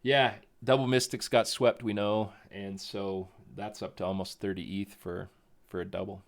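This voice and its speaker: A man's voice: lowish voice, level tone, normal speed. A man co-hosting a live stream in casual chat, rambling and correcting himself, often chuckling. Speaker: co-host of a crypto game stream.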